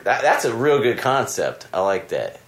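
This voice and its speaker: A man's voice: mid-range voice, big pitch swings, moderate pace. A man hosting a podcast, chatting casually and rambling through a story. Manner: rambling, retells calls with quoted voices. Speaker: podcast host. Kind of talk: casual chat. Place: hotel room.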